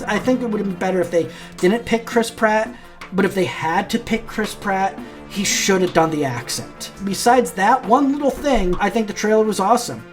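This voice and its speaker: A woman's voice: medium pitch, darkish tone. A woman hosting a casual commentary video, giving her opinions in a chatty, opinionated way and often restarting her sentences.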